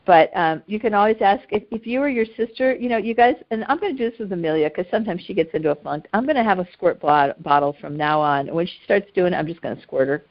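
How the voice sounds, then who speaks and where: A woman's voice: fairly low pitch, fast talker, hardly any pauses. A middle-aged woman coaching a session in a casual way, telling stories with animation, repeating words and laughing often. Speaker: emotional healing coach. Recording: slightly dull audio.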